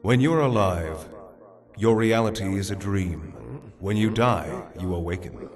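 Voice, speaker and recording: An actor playing a calm, philosophical guide who greets a dying man at the gate of the afterlife, in a dubbed drama. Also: sits low. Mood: serene. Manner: serene, philosophical, unhurried. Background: music.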